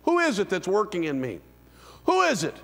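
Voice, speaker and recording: A man in his fifties preaching a sermon as pastor, dropping to hushed low lines and rising to loud, high calls. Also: wildly swooping pitch, moderate pace, gravelly. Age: 50s. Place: church sanctuary. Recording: long hall reverb.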